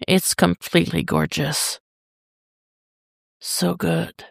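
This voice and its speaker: A reader voicing a dominant adult male lover who murmurs low and darkly, then soothes. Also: flat delivery, moderate pace, creaky, no room sound, clean studio sound. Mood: gentle.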